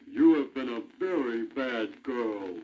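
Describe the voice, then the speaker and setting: A great big papa bear, put on by a man thunders out his questions, slow and stern. It sounds like a worn 1970s storybook record, muffled and dull. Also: expressive, mellow, slight background noise. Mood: scolding. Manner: booming, scolding. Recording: muffled old vinyl record.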